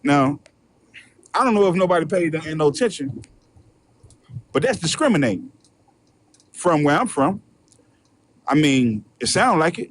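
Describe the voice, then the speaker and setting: A man's voice: fairly high pitch, sing-song, a little slow, long pauses, slight background noise. A man hosting a show, delivering a heated, profane rant full of repetition. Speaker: host. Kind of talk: profane ranting commentary.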